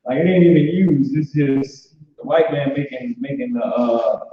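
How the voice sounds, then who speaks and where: A man teaching an informal online language class, talking loosely with many restarts and filler words like "boom". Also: moderate pace. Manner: loose, conversational, repeats "boom" and restarts often. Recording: echoey, dull online call audio.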